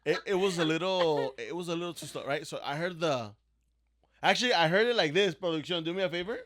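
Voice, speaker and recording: A man's voice: on the high side, fast talker, fairly bright tone. A man co-hosting a casual podcast, joking around and mixing Spanish words into his talk. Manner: joking, mixes in Spanish words, says dude a lot. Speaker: podcast co-host. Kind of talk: casual chat.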